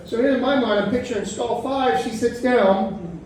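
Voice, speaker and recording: A middle-aged man from Chicago doing a profane stand-up set in a comedy club, loose and rambling, jumping into shrill outbursts. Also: normal speed, darkish tone, a little hiss or hum. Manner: loose, profane storytelling with sudden high-pitched outbursts. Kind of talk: stand-up set with crowd work. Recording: echoey club heard from far off. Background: audience laughter.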